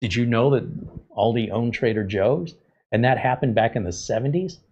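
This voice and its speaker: A man hosting a tech show, telling a rambling casual story from the US West Coast, chatty and sometimes loud and incredulous. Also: mid-range voice, moderate pace, husky, dull audio. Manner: chatty, gets loud and incredulous when joking. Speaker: tech channel host.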